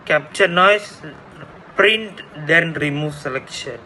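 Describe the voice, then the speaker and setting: A young male student explaining software steps, hesitant and full of ums and uhs. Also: fairly high pitch, slow pace, a little hiss or hum. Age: young adult. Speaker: student presenter.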